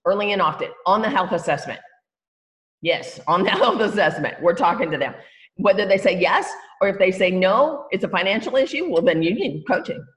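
A woman's voice: mid-range voice, a bit bright. A woman co-leading a team training call, chatty and laughing easily as she speaks straight to the group. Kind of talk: casual training talk on a call.

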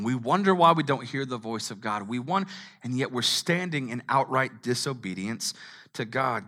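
Energetic man preaching a sermon. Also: medium pitch. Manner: dynamic preacher, swings from hushed to shouting. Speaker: pastor.

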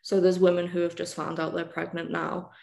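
A woman's voice: fairly low pitch, completely flat delivery, brisk, vocal fry, darkish tone, echoey room. A woman from the UK telling her own story as a podcast guest, chatty and full of "like". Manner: chatty, says "like" constantly. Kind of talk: casual storytelling.

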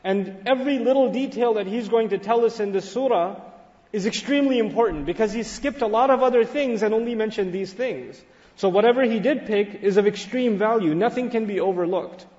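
A man with a notably high voice gives an animated, storytelling sermon, acting out a child's excited words. The lo-fi recording is dull, with long reverb from a large hall. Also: fairly quick. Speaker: Islamic teacher. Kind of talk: sermon-style Quran lecture.

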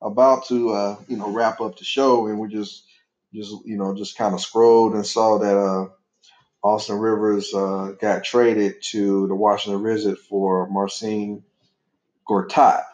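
Fairly low in pitch and darkish in tone, this man's voice is flat and unhurried. As a podcast host recording with his son, he chats casually in a rambling way and laughs easily. The room sound is echoey, dull and lo-fi.

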